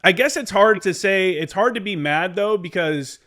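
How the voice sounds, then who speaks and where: A man's voice: high-pitched, normal speed, a bit bright. A man hosting a podcast, a veteran who talks bluntly and rambles, with frequent swearing. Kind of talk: casual conversation.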